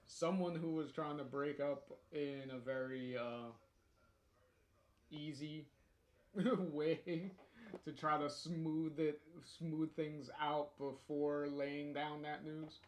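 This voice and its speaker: A man comments casually on a story, rambling and hesitant, with many "uh"s. His voice sits a bit high and his talk is unhurried. The room gives it a roomy echo. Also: fairly even intonation, a little hiss or hum.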